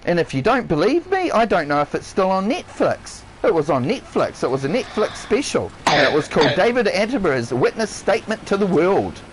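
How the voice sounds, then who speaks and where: A man with a New Zealand accent rants on a live game stream and swears nearly every line. His pitch swings widely as he shouts one moment and drops low the next. He repeats his points again and again. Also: very animated, fairly quick, hardly any pauses, a little hiss or hum, poor audio. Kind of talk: heated rant on a live stream.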